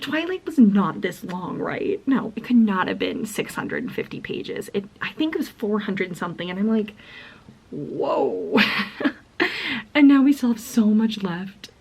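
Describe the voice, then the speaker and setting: A woman's voice: fairly high pitch, a little mellow, husky. A young woman chatting casually in a reading vlog, gushing and giggly, full of "like" and often dropping into a whisper. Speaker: book vlogger.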